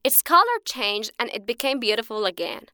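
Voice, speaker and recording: A woman reading a short textbook story aloud with a teacher's clarity. Her voice is high and bright, moving up and down with plenty of expression. The sound is close and dry. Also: sing-song, moderate pace, dry recording. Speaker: narrator.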